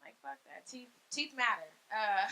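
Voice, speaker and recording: Brash high-voiced woman doing stand-up. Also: lively intonation, unhurried, gravelly. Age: 30s. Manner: brash, profane, loud punchlines. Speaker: stand-up comic. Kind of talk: stand-up comedy set. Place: comedy club stage.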